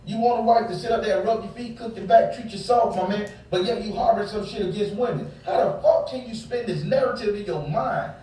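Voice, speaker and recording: A man's voice: sits high, a little fast, hardly any pauses, dark tone, far from the mic. A man ranting angrily and profanely in a casual heated talk, preaching at his listeners about relationships. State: angry. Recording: very echoey room, off-mic, faint background hum.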